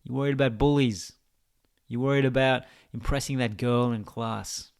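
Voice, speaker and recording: A man's voice: mid-range voice, fairly even intonation, moderate pace, vocal fry, clean tone. A man with an Australian accent, a gaming video creator giving a rambling, mock-philosophical monologue that teases the viewer.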